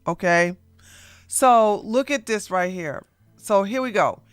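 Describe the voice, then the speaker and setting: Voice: medium pitch, slow pace, clear, resonant tone, no echo, faint music behind. A YouTube drama commentator giving blunt, repetitive ranting reaction commentary into a close mic.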